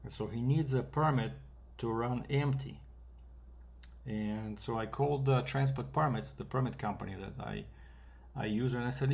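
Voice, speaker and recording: A man's voice: medium pitch, vocal fry, a little mellow. A man from Canada, a freight broker, telling a rambling casual story with fillers and quoted back-and-forth.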